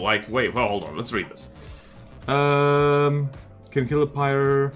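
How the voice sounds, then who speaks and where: A man's voice: mid-range voice, fairly bright tone, soft background music. A man with an Australian accent chatting casually and joking as he streams a game. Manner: chatty, jokey, quick to laugh. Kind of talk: casual live-stream chat over gameplay.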